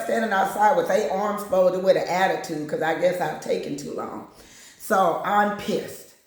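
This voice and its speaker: A woman host telling a personal story in a candid, blunt, casual way, acting out what other people said. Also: medium pitch. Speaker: channel host. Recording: very echoey room.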